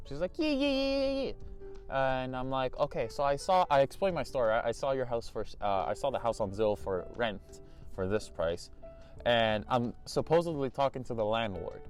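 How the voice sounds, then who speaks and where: A man's voice: medium pitch, moderate pace, soft background music. A teenage boy telling a story to his channel in a chatty, exasperated way. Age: teens. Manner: animated, chatty, exasperated asides. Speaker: youtuber. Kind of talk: casual storytime vlog.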